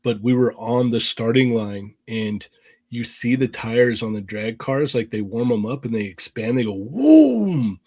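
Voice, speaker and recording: A man co-hosting a podcast, telling a lively story and acting out voices and engine sounds. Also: medium pitch, moderate pace, no room sound. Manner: animated storyteller, acts out quotes and sound effects. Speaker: podcast co-host. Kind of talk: casual storytelling.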